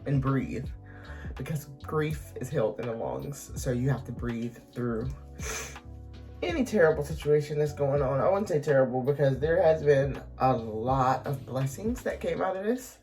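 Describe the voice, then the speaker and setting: A woman in her thirties talking haltingly to camera at home in a confessional vlog, close to tears, full of ums and pauses. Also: very deep voice, animated, a little mellow, faint music behind. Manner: hesitant, halting, many ums, emotional. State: on the verge of tears. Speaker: vlogger.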